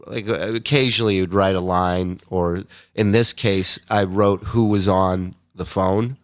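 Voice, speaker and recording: A man hosting a casual livestream, reading out viewer messages in a loose, profane way and breaking into loud, high impressions. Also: steady tone, unhurried, no room sound, clean studio sound. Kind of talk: casual chat.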